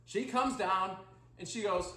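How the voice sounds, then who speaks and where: A woman playing a clueless, boastful male home cook in a comedy sketch, talking with deadpan silliness. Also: medium pitch, measured pace, reverberant. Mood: goofy boastful. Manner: boastful, deadpan silly, jumpy loudness. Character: clueless goofy male home-cooking guy.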